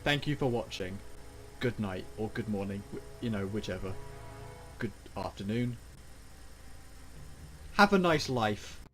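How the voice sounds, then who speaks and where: A man's voice: fairly low pitch, expressive, a little slow, pauses often, soft background music. A man co-hosting a casual gaming chat, teasing his friends with sarcastic, dramatic retellings. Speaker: gaming channel co-host.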